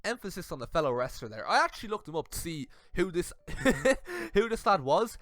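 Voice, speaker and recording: Lively, high-pitched man. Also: normal speed, no echo. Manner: animated, laughing, switches into silly voices for messages. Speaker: YouTube commentator. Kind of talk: comedic commentary reading messages aloud.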